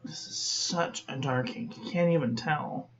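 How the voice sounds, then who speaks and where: Brief: woman host, unhurried chatty ink review, dull lo-fi home audio. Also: rumbling low, gravelly, husky. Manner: chatty, self-correcting, talks to viewers.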